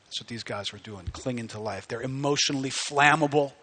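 A man preaching a sermon, animated and conversational, rising to near-shouts at high points. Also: brisk. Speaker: pastor.

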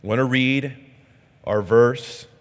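A man's voice: mid-range voice, steady tone, slow pace, big-room sound. A male pastor preaching a sermon in a conversational, earnest way.

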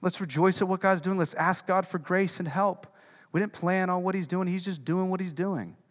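A man's voice: high voice, normal speed, in a large hall. A male pastor preaching a sermon in a conversational way, putting questions to the congregation and repeating words. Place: church hall.

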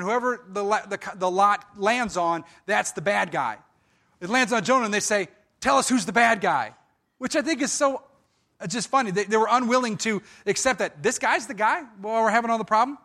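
A man preaching a sermon, walking through a scripture passage with animated storytelling and frequent restarts. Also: high-pitched. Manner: animated storytelling with dramatized quotes. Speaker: pastor.

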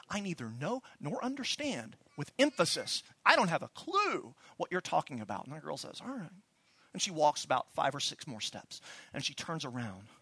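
A man's voice: medium pitch, a bit bright, husky, no room sound. A man preaching a sermon, telling the story with animation and acting out the voices he quotes. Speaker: pastor.

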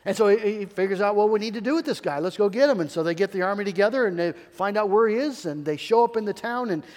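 A man's voice: high voice, expressive, fast, a little mellow, big-room sound. A male pastor preaching a sermon in an earnest way, often repeating key phrases and restarting his sentences.

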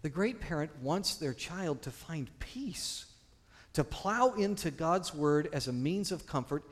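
A man preaching a sermon as pastor, teaching and questioning the congregation, swinging between loud emphasis and hushed tones. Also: a little high, lively intonation, a little slow.

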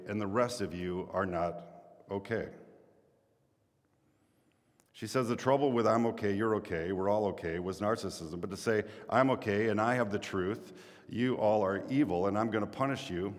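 A man preaching a sermon, telling a story with animated quoted voices and then dropping to a low, quiet delivery. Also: big-room sound. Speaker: pastor.

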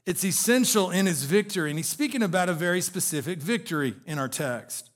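A man's voice: high voice, animated, fairly quick. A male pastor preaching an expository sermon, asking the congregation question after question and building to emphatic peaks.

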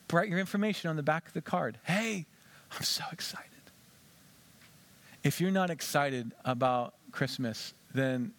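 A male pastor giving an animated sermon, acting out conversations with a volunteer on stage. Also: fairly high pitch.

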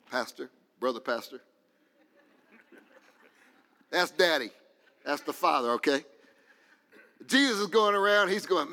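A fervent male preacher with a high, bright, ringing voice that keeps climbing into shouted peaks. His sermon echoes with the long reverb of a big hall. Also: vocal fry. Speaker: pastor.

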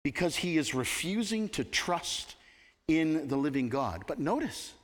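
Male preacher, slow and deliberate, lively rising and falling delivery, long hall reverb. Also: fairly high pitch. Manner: expressive, emphatic preaching with dramatic pauses. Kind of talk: sermon.

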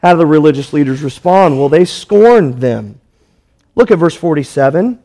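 A man's voice: on the high side, animated, moderate pace, warm tone. A man preaching a sermon, emphatic and repetitive, walking through a passage verse by verse. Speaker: pastor.

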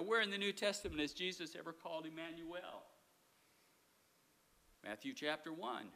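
Middle-aged male preacher, fairly high bright voice, conversational sermon with big loud-soft swings. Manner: self-deprecating asides. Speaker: guest pastor.

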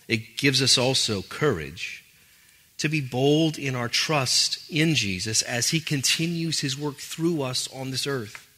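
A man preaching a sermon as pastor, conversational with animated asides. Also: mid-range voice, a little slow.

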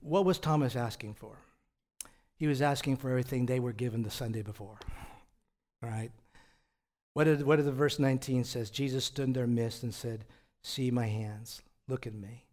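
In a medium-pitched, darkish voice, this pastor speaks a little fast but leaves long pauses. His sermon is conversational: he asks himself rhetorical questions and answers them, frequently repeats words, and laughs softly between points.

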